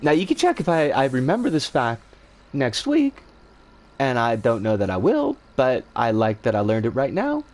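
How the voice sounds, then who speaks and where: A woman livestreamer chatting casually and reacting to her chat, animated and exclamatory, rambling and self-deprecating, swearing freely. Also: extremely low pitch, normal speed.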